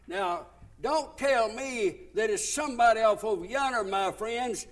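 A man's voice: high voice, measured pace. A man preaching a sermon, folksy storytelling that swells into fervent, raised passages.

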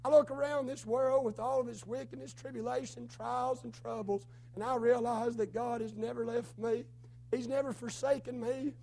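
A preacher man with a hoarse, worn voice, giving a fervent sermon that swings between shouts and low murmurs. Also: fairly even intonation, moderate pace. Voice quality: hoarse, strained voice. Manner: fervent, rising to shouts then dropping low.

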